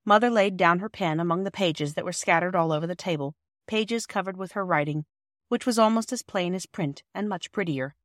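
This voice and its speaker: Measured woman reading a children's classic. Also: fairly low pitch, no room sound, clean studio sound. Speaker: audiobook narrator. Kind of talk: scripted storybook narration.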